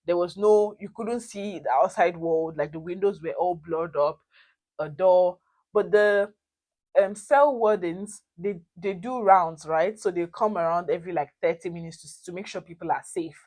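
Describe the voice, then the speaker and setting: A young woman, talking straight to her viewers in a casual storytime vlog. Her voice sits on the low side, and her delivery is animated and expressive, full of emphasis. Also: moderate pace. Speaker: vlogger.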